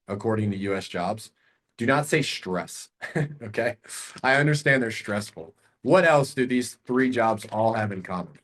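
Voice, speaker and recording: A man leading a live online sales training, talking straight to his viewers in a loose, conversational way. He keeps a plain mid-range pitch and checks in with the audience through frequent tag questions. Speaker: sales coach.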